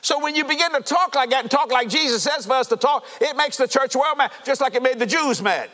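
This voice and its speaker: A man preaching a fervent sermon to a congregation, shouting and laughing as he goes. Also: very high voice, quick pace. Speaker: pastor. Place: church sanctuary. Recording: reverberant church hall.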